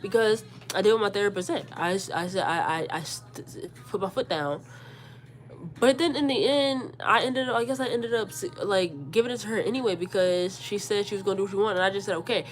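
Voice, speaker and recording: A woman's voice: mid-range voice, brisk, soft background music. A woman in her forties, sick and stuffed up, animatedly retelling an argument and quoting both sides. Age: 40s. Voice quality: congested. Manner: animated retelling, quotes herself and her mother, repeats words. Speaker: vlogger. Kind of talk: storytime vlog.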